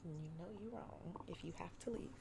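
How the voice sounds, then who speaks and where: Woman streamer, lowish gravelly voice, loose and laughing, mock-annoyed commentary. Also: a little fast, very noisy. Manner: laughs often, playfully exasperated, dips to whispers. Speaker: streamer hosting a watch-along.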